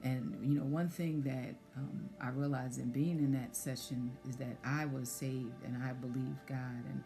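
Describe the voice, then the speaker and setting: A woman sharing a personal testimony in conversation, soft-spoken and hesitant with many fillers. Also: very deep voice, steady tone, a little slow, creaky, soft background music. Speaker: guest sharing pregnancy loss story.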